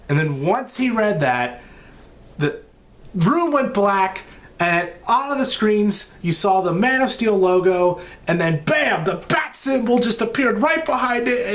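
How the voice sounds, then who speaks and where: A man chatting excitedly in a casual comics vlog, rambling and breaking into shouts, sleepless at dawn. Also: sits high. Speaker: comics vlogger.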